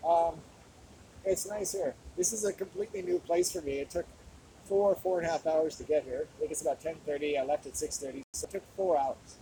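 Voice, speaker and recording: A man recording a rambling solo vlog outdoors on a handheld camera, drifting between small talk and absurd, dark deadpan jokes. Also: on the high side, fairly quick, noisy background. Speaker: vlogger. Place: outdoors in nature.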